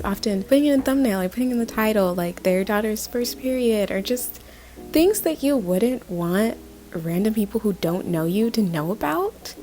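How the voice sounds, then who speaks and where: A young adult woman giving casual commentary, talking in an animated, conversational way with lots of "like". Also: medium pitch. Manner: animated, conversational, heavy use of "like". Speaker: video essayist.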